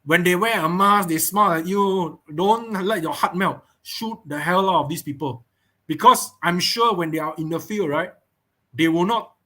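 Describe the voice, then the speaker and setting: A man's voice: a little high, bright, forceful tone. A man with a Singaporean English accent hosting a casual podcast preview, chatty, repeating words and checking in with listeners. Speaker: host.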